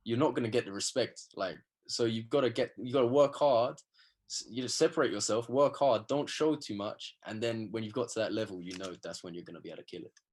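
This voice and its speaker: A young man from England, telling animated stories with lots of slang in a casual interview. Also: lowish voice, brisk. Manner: animated storytelling, slangy, acts out quotes. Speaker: guest.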